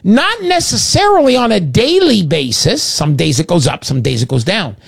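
An older man hosting call-in radio, his voice pitched high and swinging up and down as he chats. The sound is dry and close to the mic. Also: moderate pace, vocal fry, slightly rough, no room sound. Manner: animated, chatty, emotional. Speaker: radio show host.

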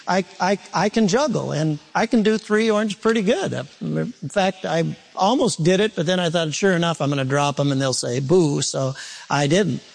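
A male pastor preaching a sermon in a church, conversational and self-deprecating, often restarting his sentences. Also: on the high side.

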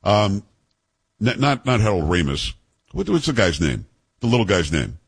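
A middle-aged man hosting a talk show, chatting casually with a co-host and tossing in jokes and quick asides. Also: lowish voice, very animated, slightly rough. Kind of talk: casual talk radio banter.

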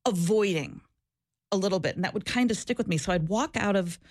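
A former social worker, appearing as an interview guest, speaks candidly in a mid-range voice at a fairly quick pace, earnest and reflective, frequently restarting and repeating herself. The sound is studio quality with no echo.

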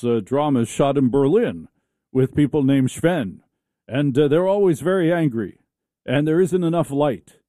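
A man's voice: mid-range voice, warm tone, dry recording, clean studio sound. A man hosting a talk radio show, riffing in a sarcastic, theatrical comic monologue.

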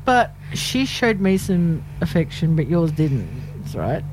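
A woman's voice: lowish voice, very animated, slow pace, darkish tone, a little hiss or hum. A middle-aged woman, co-hosting a radio show in casual, teasing banter, laughing often and cutting in. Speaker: radio co-host.

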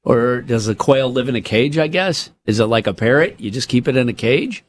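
A man co-hosting a casual morning radio show, reading news items and adding quick asides. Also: medium pitch, animated, soft background music. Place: radio studio.

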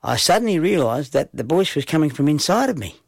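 A man telling a children's story in an unhurried storytelling manner. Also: fairly high pitch, very animated, no room sound.

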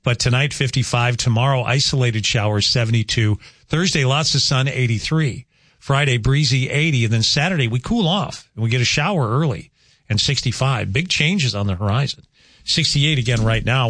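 A man's voice: mid-range voice, moderate pace, a bit bright, no room sound, clean studio sound. A man hosting a morning radio show, talking casually with lots of fillers and offhand jokes. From North Dakota. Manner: chatty, rambling, jokey with filler words. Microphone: studio microphone.

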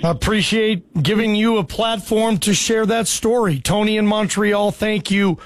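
A man's voice: high voice, a little slow, no room sound. A man hosting a sports talk radio show, talking with callers and crew in a friendly, conversational way.

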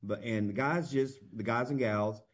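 A man talks in an earnest, plain-spoken way, often restarting his sentences. His voice sits at an ordinary pitch for a man. He answers questions as a union representative. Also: normal speed. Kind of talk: interview guest.

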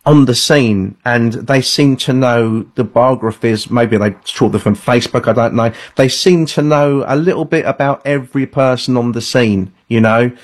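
A man's voice: mid-range voice, moderate pace, hardly any pauses. Male author on a call-in show, mid-range voice, earnest and anecdotal. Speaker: author and radio guest. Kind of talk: call-in radio interview.

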